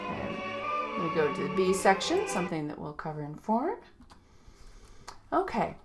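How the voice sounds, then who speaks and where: A woman's voice: fairly low pitch, huge pitch swings, measured pace. A woman music teacher narrating a recorded video lecture in a chatty way, scatting rhythms aloud to point out beats. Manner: chatty, scats rhythms with "ba" and "da" sounds.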